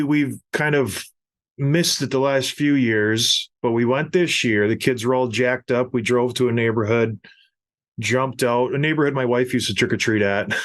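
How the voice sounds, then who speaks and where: Middle-aged male podcast host, casual and animated storyteller, mid-pitched voice.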